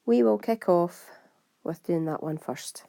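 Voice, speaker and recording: A Scottish woman teaches maths, walking through exam answers one step at a time and speaking straight to her students. Her voice sits a little low and sounds mellow. The recording is dry and close. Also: vocal fry, no echo. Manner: brisk, step-by-step, talks to students directly. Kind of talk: exam walkthrough lesson.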